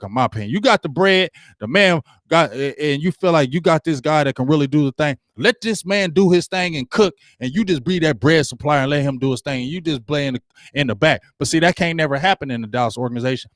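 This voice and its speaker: A man's voice: medium pitch, no room sound, clean studio sound. A middle-aged man hosting a sports talk show, ranting with heat and slang to his live viewers. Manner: fired-up, ranting, slangy and repetitive. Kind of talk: passionate sports rant to a live chat.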